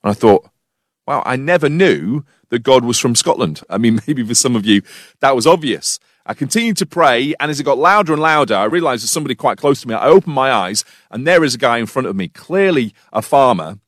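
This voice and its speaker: A man's voice: medium pitch, lively intonation, fast, a bit bright, no room sound. A British man delivers a sermon in a mid-range voice, weaving a personal anecdote with dry humour into reflective questions for his listeners. The sound is close and dry. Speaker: preacher.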